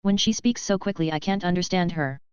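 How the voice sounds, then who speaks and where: A woman's voice: on the low side, a little fast, darkish tone, smooth, no echo, lo-fi sound, close to an everyday voice. A woman voicing an impatient, short-tempered woman shopper within a read story. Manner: impatient, complaining. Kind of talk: scripted narration.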